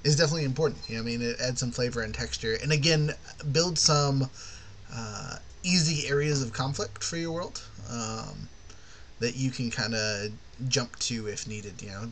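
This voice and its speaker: Rambling man with a bright voice. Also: medium pitch, moderate pace, a little hiss or hum. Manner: rambling, frequent "you know what I mean". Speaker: podcast host teaching worldbuilding. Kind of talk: casual podcast lesson.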